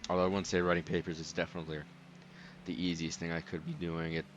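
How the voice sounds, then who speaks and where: A young man with a very deep, low voice talks loosely over a racing game, drifting between the race and everyday chatter. He sounds sleepy and easygoing, full of filler words. A faint hiss sits under the recording. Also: fast talker, highs cut off. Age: young adult. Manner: rambling, relaxed, many fillers. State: sleepy, yawning. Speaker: let's play host. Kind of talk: casual gameplay commentary.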